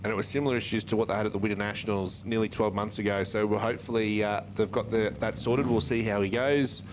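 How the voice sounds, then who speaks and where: A man calling drag races live, chatty and quick with times and speeds. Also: lowish voice, little pitch movement. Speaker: drag racing commentator. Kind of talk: live race commentary. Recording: faint track noise behind.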